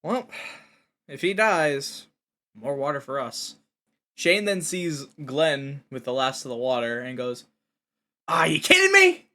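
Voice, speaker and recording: A man narrating as game master of a tabletop role-playing game, quickly switching between voices. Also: mid-range voice, fairly bright tone.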